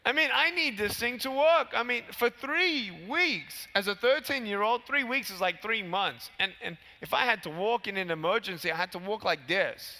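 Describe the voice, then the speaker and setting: Animated motivational speaker in a big hall. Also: male voice, sits high, normal speed, hardly any pauses. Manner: animated storytelling, acting out scenes. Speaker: keynote speaker. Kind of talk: motivational keynote speech. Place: large convention hall. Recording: long hall reverb from PA.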